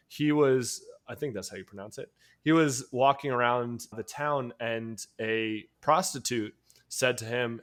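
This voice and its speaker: A man with a New York accent talks casually as a podcast co-host. He has a mid-range pitch and rambles through stories, laughing often and swearing now and then. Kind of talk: casual chat.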